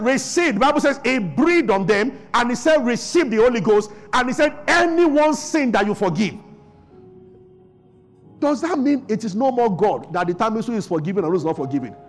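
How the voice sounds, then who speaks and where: A man's voice: extremely high pitch, expressive, fairly quick, soft background music. A man preaching a sermon as pastor, asking the congregation questions and answering them himself.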